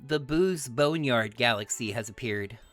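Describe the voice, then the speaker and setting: A man's voice: medium pitch, unhurried, fairly bright tone, soft background music. A man streaming a video game, chatting playfully with his chat and laughing often. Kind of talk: let's-play commentary.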